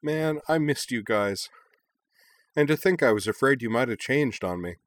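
A man voicing a cheerful, wry young woman who speaks briskly. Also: medium pitch, lively intonation, no echo, pitched above the performer's own voice, lightly acted.

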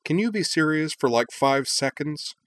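A man's voice: fairly low pitch, lively intonation, a little slow, a bit bright, no room sound. A man voicing an impatient, blunt young woman in a storybook reading. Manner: pushy, urgent.

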